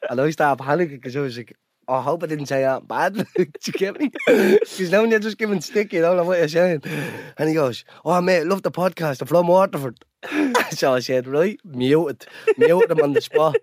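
A man's voice: a little high, animated, a little fast, dry recording. Young irish guy on a podcast, rambly, laughing a lot, voice bouncing all over, dry close sound. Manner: laughs often, rambling storytelling with repeated "boys". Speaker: podcast co-host. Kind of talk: casual banter.

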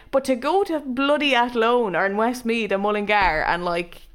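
A woman's voice: a little high, moderate pace. An Irish woman co-hosting a podcast, telling stories in casual chat and laughing often. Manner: chatty storyteller, laughs often. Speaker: podcast co-host.

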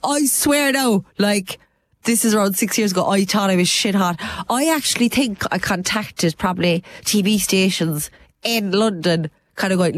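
An Irish woman with a Cork accent and a blocked-up nose, hosting a podcast and telling stories in a chatty, animated way. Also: mid-range voice, dry recording. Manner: chatty, animated storyteller, quick laughs. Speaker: podcast co-host. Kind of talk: casual chat.

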